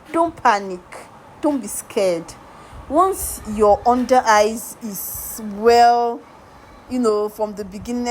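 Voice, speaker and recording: A woman's voice: mid-range voice, slight background noise, low-quality recording. A woman makeup artist narrating a tutorial, talking straight to her viewers, repeating words for emphasis and asking rhetorical questions. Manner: talks directly to viewers, coaxing and reassuring.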